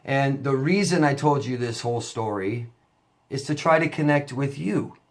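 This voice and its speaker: A man's voice: medium pitch, normal speed. A man who coaches people on relationships talks to his audience in a loose, conversational way. He rambles through an everyday story with plenty of fillers and false starts before making his point. His voice sits in an ordinary middle range. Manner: chatty storytelling with many fillers and restarts. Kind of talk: casual talk to camera.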